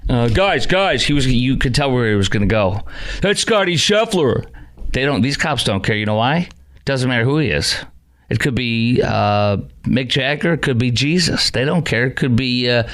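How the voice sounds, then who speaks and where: A man's voice: medium pitch, a bit bright. Emphatic male talk radio host. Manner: emphatic, rhetorical questions. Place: radio studio. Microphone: studio microphone.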